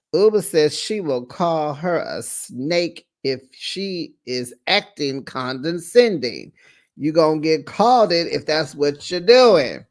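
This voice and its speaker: A host recapping reality TV episodes in a chatty, sassy way, with drawn-out asides. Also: medium pitch, very animated. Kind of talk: casual recap commentary.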